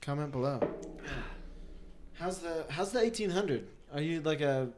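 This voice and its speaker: A man's voice: fairly high pitch, unhurried, background noise. A young man hosting a casual podcast chat, telling stories with lots of laughter and acted-out voices. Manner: laughing, animated storyteller who acts out voices. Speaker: podcast host.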